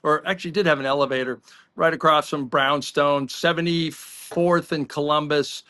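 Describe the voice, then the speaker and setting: A middle-aged man co-hosts a sports podcast with a bright, slightly high voice. He tells long, rambling stories in a relaxed, chatty way. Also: normal speed, clean tone. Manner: rambling anecdotal storyteller. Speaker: podcast co-host. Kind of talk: casual podcast chat.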